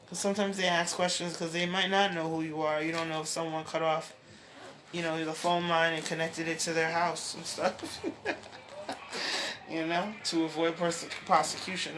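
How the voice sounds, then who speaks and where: A woman hosting her own talk show, rambling from topic to topic, restarting phrases and laughing softly. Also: low-pitched, noisy background. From United States. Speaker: show host.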